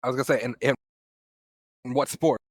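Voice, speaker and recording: A man's voice: mid-range voice, steady tone, measured pace, no echo. A man co-hosting a casual podcast, chiming in with hesitant, laid-back remarks. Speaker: podcast co-host. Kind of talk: casual chat.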